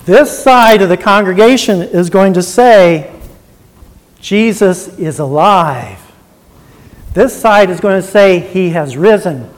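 Slow dramatic preacher in an echoey church. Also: mid-range voice. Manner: dramatic storytelling, building to shouted praise. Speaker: pastor. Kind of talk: sermon, first-person retelling of a Bible story. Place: church before a congregation.

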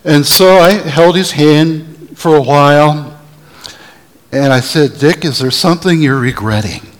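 Slow, deliberate preaching man. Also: a little high, big-room sound, poor audio. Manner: deliberate, storytelling preacher who has the audience answer back. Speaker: pastor. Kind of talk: sermon.

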